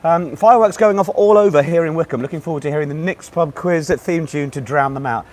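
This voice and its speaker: Breathless, hoarse quiz host. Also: male voice, a little high, fast talker, darkish tone. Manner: chatty, greets viewers and reads out their messages. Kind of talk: live-streamed quiz banter.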